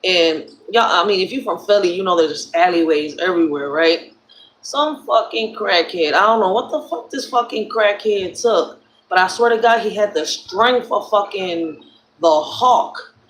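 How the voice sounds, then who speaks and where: A hoarse woman with a Philadelphia accent hosting a casual livestream, telling stories bluntly with plenty of profanity. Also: mid-range voice, lively intonation, a little slow, slight background noise. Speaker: live stream host. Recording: roomy echo.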